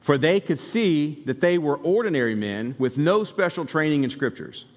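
Pastor from Alabama preaching in a reverberant hall. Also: male voice, fairly high pitch, lively intonation, normal speed. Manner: conversational, emphatic preaching with asides to the congregation. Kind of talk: sermon. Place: church sanctuary. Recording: long hall reverb from the sanctuary.

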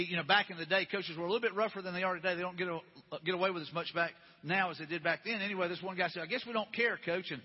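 A man's voice: high voice, breathy edge. Brief: pastor, male, conversational sermon, dull lo-fi sound. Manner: conversational, repetitive rhetorical questions. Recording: dull lo-fi recording with long hall reverb.

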